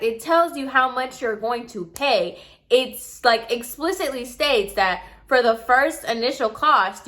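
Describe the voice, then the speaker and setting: Woman vlogger, bright edgy tone, casual exasperated storyteller doing both voices. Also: a little high. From Puerto Rican heritage. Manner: chatty, exasperated, acts out both sides with quoted lines. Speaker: lash tech telling a client story.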